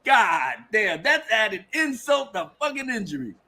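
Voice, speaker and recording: Male livestream host, excitable, laughs a lot, lively high voice. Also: measured pace. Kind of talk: casual livestream chat.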